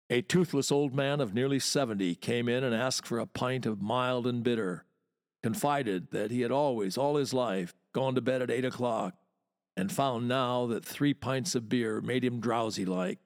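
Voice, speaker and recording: Guy with a gravelly voice reading an old war report slow and steady, long echo tail. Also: mid-range voice. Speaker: podcast reader. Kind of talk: dramatic reading of a wartime news dispatch.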